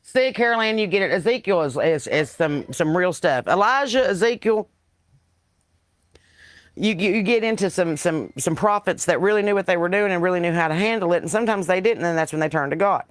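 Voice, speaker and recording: A woman's voice: lowish voice, expressive, fairly quick, no echo. A Southern woman hosting a casual livestream podcast, reading viewer comments in a blunt, profane, folksy preaching way on a porch, into a computer mic. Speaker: podcast host.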